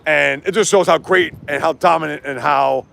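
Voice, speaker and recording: Gravelly guy going off on a sports livestream, walking outside on the street, kinda high voice. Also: normal speed. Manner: animated, rants and reads chat comments. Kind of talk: casual livestream chat while walking.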